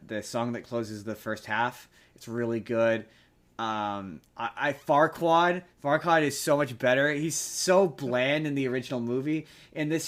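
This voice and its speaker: Guy co-hosting a podcast, rambly, lots of ums and restarts, normal pitch. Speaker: podcast co-host. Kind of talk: casual chat.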